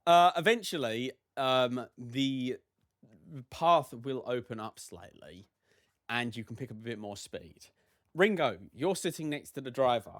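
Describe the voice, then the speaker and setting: Relaxed male game master, hesitant, narrating. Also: medium pitch, measured pace, no room sound, clean studio sound. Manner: casual, hesitant with fillers.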